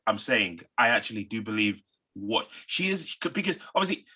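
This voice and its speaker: Husky Mancunian man debating. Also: lowish voice, big pitch swings, brisk, bright, forceful tone. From Manchester, England. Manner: persistent, keeps pressing his point. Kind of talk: casual debate chat.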